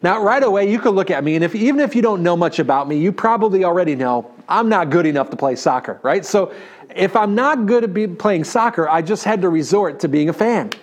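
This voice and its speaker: A man in his thirties with a New York accent, preaching a sermon and telling a story in an animated way, often checking in with the congregation. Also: high-pitched, a little fast. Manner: animated, talks to the audience with "right?". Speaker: pastor.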